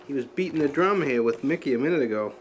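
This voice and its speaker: A man's voice: medium pitch, expressive, fast. A man, a father filming a home video, chatting to the camera and cooing to his baby. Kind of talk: casual home video narration. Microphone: camcorder microphone. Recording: hissy old camcorder tape.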